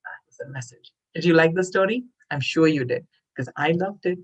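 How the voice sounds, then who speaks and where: A woman telling a moral story in a lively, conversational way, talking straight to her listeners. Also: low voice, a little fast, poor audio. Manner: animated and conversational, addresses listeners directly. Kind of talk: storytelling for children.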